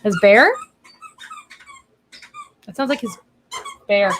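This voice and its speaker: A woman's voice: mid-range voice, slow, creaky, long pauses, a bit bright, slight background noise, poor audio. Woman, casual home livestream, chatty, webcam audio, talks to her dog. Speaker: author hosting a livestream.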